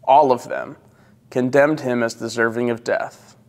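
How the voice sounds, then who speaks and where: A male pastor slowly reading scripture and leading prayer in a measured, solemn way. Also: medium pitch, fairly even intonation, vocal fry, long reverb tail. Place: church sanctuary.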